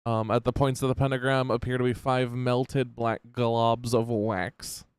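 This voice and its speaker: A man narrates as game master of a tabletop game. His voice is smooth and resonant and sits close to the mic with no room sound. He talks at an easy pace with frequent pauses and fillers. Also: mid-range voice, no echo. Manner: relaxed, halting narration with fillers.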